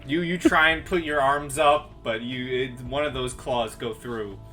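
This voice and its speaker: A man running a tabletop game as game master, narrating monster moves and rolls in a measured, pausing way. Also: mid-range voice, fairly even intonation, sharp tone, soft background music.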